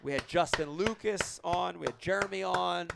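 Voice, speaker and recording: A man's voice: sits high, normal speed, vocal fry, background noise. A man hosting a casual live show, rambling and laughing as he thanks guests and signs off. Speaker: show host.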